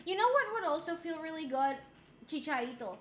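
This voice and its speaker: A woman's voice: high voice, very animated, moderate pace, slight background noise. A young adult woman streamer chatting casually and reading chat aloud. She swears freely, laughs often, and has a slightly sore throat.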